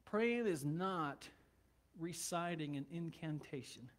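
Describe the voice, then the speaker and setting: Male pastor with a high-pitched voice, conversational sermon with light humor. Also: animated, slow pace. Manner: conversational, joking asides. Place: church.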